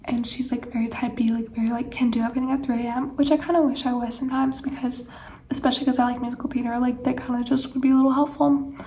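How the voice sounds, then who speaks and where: A woman's voice: on the high side, flat delivery, fast, dark tone, a little hiss or hum. A teenage girl vlogging late at night, tired, rambling with lots of fillers and often dropping to a whisper. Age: teens. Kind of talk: late-night casual chat to camera.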